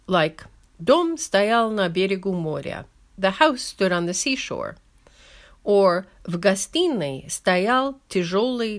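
A woman hosting a scripted language lesson with wry, dry humor, speaking English as her first language. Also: mid-range voice. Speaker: language column host.

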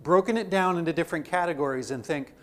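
A man teaching a theology class, putting question after question to his students and swinging between loud emphasis and quiet asides. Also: fairly high pitch, quick pace. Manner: poses repeated questions to the class. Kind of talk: classroom lecture.

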